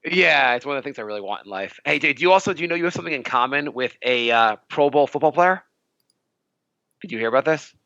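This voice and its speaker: Bright-voiced teasing male podcast co-host. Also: medium pitch, expressive, quick pace, gravelly, no room sound. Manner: teasing, profane, joking. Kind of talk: casual podcast banter. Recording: dry, slightly dull audio.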